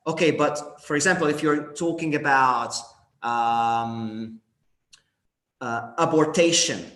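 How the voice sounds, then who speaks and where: Teaching debate phrases in an online English class, this man has an Argentine Spanish accent and a slightly high, somewhat bright voice. His delivery is hesitant and full of fillers, with frequent checks on the group, all in a roomy acoustic.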